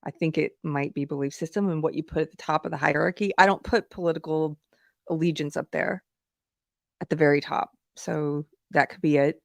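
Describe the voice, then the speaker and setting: An outspoken woman hosts a livestream in casual, chatty commentary. Her voice sits slightly low for a woman, and the sound is dry and close with no room around it. She talks frankly, like she is hanging out with her viewers. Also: fairly even intonation, fairly quick, creaky, dry recording. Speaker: livestream host.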